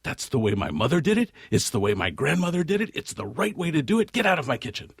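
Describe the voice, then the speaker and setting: A man's voice: mid-range voice, very animated, fast talker, gravelly, slightly rough, dry recording, studio quality, pitched above the performer's own voice, full character voice. A man voicing an indignant, stubborn young wife in a joke. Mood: defiant.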